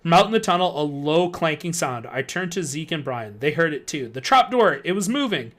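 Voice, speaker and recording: A man streaming live, reading a spooky children's book aloud with expressive delivery and joking asides. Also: a little high, brisk.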